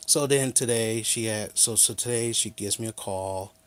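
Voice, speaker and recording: A vlogger tells a personal story as a rambling, aggrieved rant, frank in tone, restarting often and quoting what other people said. His voice is on the low side, at a normal speed.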